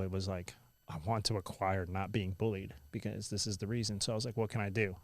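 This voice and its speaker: A young man from India who now speaks with an American accent, telling stories as a guest in a casual interview, animated and full of "like". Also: on the low side, no echo, studio quality. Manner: animated, lots of "like" and "I was like" quotes.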